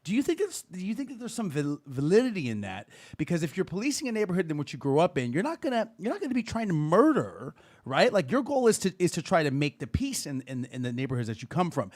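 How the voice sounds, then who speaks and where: A man in his thirties hosting a live call-in show, chatty and animated, swearing and laughing often. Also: on the high side, quick pace, dry recording. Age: 30s. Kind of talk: casual live-stream talk.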